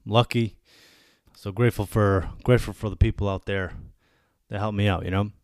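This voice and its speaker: A man in his thirties hosting a podcast, telling a story as a casual rant, animated and swearing, acting out little quoted asides. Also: on the low side, brisk, no room sound, studio quality. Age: 30s. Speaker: podcast host.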